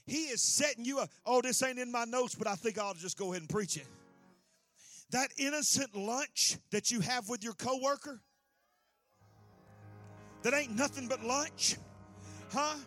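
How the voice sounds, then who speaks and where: High, bright-voiced preacher man. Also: moderate pace, pauses often, dry recording, faint music behind. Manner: folksy, swings between hushed and loud; repeats "huh?" to the congregation. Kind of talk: sermon storytelling.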